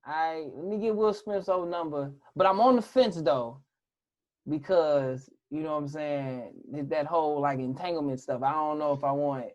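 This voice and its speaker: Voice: medium pitch, normal speed, darkish tone, highs cut off. A podcast co-host telling a story in casual, slangy chat.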